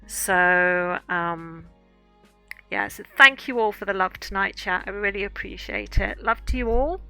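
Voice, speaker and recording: A woman's voice: medium pitch, a little slow, sharp tone, clear, resonant tone, faint music behind. A middle-aged woman author in casual livestream chat, chatty and effusive, thanking her viewers often. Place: small home room corner.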